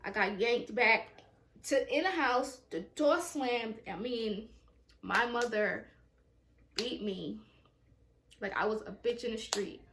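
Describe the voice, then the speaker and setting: A woman's voice: on the high side, slow, pauses often, roomy sound, a little hiss or hum. A woman telling a personal story time at home, in a raw, emotional, profane way with many repetitions. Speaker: vlogger.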